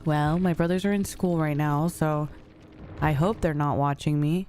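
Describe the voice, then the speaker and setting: A woman's voice: low voice, animated, normal speed, darkish tone, a little hiss or hum. A young woman streaming a game, chatting casually, thanking viewers and answering chat. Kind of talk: casual live-stream chat while gaming. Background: faint music.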